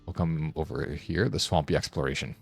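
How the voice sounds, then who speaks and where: A man's voice: extremely low pitch, fairly quick, vocal fry, slightly rough, soft background music. A young man streaming a game, chatting casually and teasing a friend in joking banter, often restarting his sentences. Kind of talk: casual chat while gaming.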